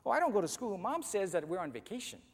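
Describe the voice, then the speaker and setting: Guy putting on a giggly little six year old girl, high and chirpy, sweet and pushy, big reverby hall. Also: very animated, quick pace, husky, full character voice. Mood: cheerful. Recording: long hall reverb with soft music.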